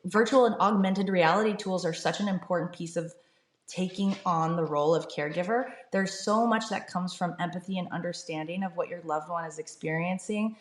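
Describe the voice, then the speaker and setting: A middle-aged woman, a startup founder, talking earnestly and upbeat as an interview guest. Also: lowish voice. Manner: earnest, upbeat, fluent with fillers. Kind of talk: conversational interview. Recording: echoey room.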